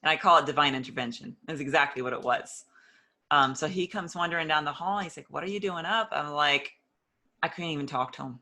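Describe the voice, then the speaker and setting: A woman's voice: sits low, fairly quick, bright, forceful tone. A woman telling her personal story in an interview, earnest and openly emotional, acting out old conversations as she goes. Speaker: interview guest.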